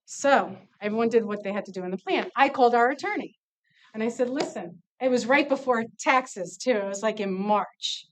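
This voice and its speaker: A woman with a slightly high voice tells students a story in a casual talk. She is candid and lively, and acts out the back-and-forth dialogue as she goes. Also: brisk, a little hiss or hum. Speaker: nonprofit CEO speaking to students.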